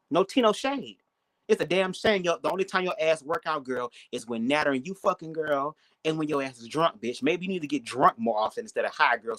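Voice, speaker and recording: A young man reacts to a clip in a sassy, profane run of slang. His voice is bright, and his pitch swings widely. The sound is dry and close. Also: dry recording. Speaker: commentary youtuber. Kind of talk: casual reaction commentary.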